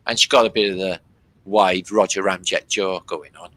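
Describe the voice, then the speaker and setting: A man's voice: low voice, steady tone, moderate pace, a bit bright, no echo, low-quality recording. A British man hosting a casual livestream, rambling and swearing freely as he comments on images. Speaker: livestream host.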